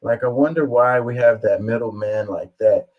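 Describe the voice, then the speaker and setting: A man's voice: mid-range voice, moderate pace, narrow, tinny audio. A man hosting a reaction video, commenting casually and rambling as he thinks aloud, with many fillers.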